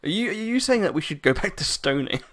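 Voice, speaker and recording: A man's voice: sits high, very animated, a little fast, fairly bright tone, slight background noise. A man co-hosting a podcast in casual chat, rambling, restarting his sentences and laughing often. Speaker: podcast co-host.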